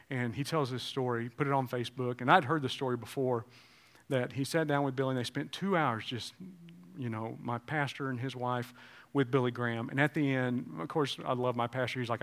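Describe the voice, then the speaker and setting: A pastor preaching a sermon, swinging between loud exclamations and hushed, tender passages. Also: male voice, mid-range voice. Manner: swings from shouting to hushed tones.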